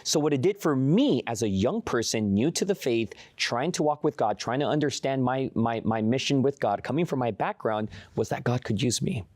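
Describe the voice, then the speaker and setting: A young man tells a personal story as a guest in a dry, close studio sound. He talks at an average pitch and livens up his account by acting out the voices of the people in it. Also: normal speed, few pauses, no room sound. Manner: animated storyteller, acts out voices in quotes. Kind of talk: personal testimony in a studio talk.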